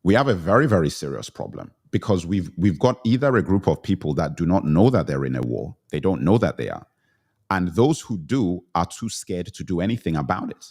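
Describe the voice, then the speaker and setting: A man's voice: low-pitched, animated, a little fast, darkish tone. A middle-aged man hosting a livestream discussion, talking earnestly and repeating phrases for emphasis. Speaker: livestream host.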